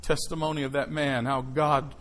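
A middle-aged man preaching a sermon, telling a personal story in an animated way that swings from hushed lines to shouts. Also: medium pitch, normal speed, poor audio.

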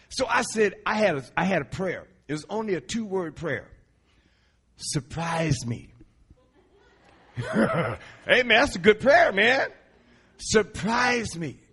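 A middle-aged man, a Christian musician, preaching in a lively storytelling way, laughing often and stretching words for emphasis, with a husky voice. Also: a little high. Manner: animated, laughing, drawn-out emphasis. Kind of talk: storytelling sermon.

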